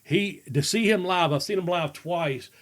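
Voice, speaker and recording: A man's voice: high-pitched, measured pace. A middle-aged man co-hosting a wrestling talk show, telling stories casually and laughing often as he acts out voices. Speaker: podcast co-host, former wrestler. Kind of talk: casual chat, storytelling.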